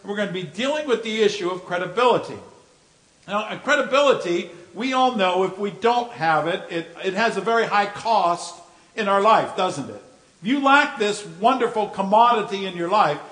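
A male preacher giving a folksy sermon with jokes and stories, often repeating words as he goes. His voice sits high. The sound echoes around the room. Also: fairly bright tone.

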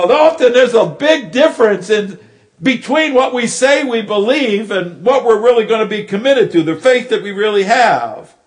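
A middle-aged man preaching a sermon as pastor, telling stories and repeating words as he builds his points. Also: high-pitched.

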